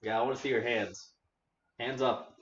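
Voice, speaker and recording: A man's voice: medium pitch, fairly even intonation, moderate pace, fairly bright tone. A man, the host's husband, bantering casually with dry, deflecting retorts. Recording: roomy, muffled, off-mic with light noise.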